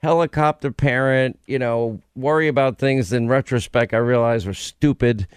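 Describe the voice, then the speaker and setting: A man hosting a talk radio call-in show, animated and exasperated, often cutting in on callers. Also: mid-range voice, moderate pace, clear, resonant tone, no room sound, studio quality. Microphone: studio mic.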